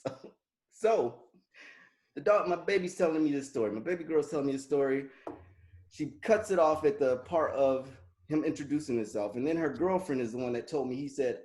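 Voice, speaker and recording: A man's voice: on the high side, moderate pace, long pauses. A man in his forties, a podcast co-host telling a story in casual chat, laughing often and acting out what people said. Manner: animated, laughing, acts out quoted dialogue. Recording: echoey room.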